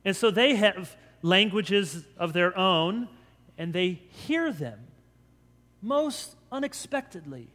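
A man preaching a sermon as a pastor, telling the story with lively energy and quick voiced asides for the crowd. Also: sits high, big-room sound. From United States.

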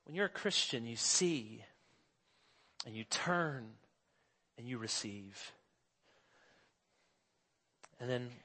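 A middle-aged male pastor preaching a sermon, swinging from hushed asides to loud emphasis. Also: mid-range voice.

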